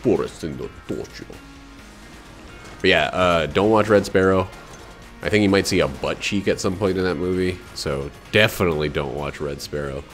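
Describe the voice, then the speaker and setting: Low-voiced man streaming a game. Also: normal speed, soft background music. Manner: rambling, jokey, excitable outbursts. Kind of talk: casual let's-play commentary.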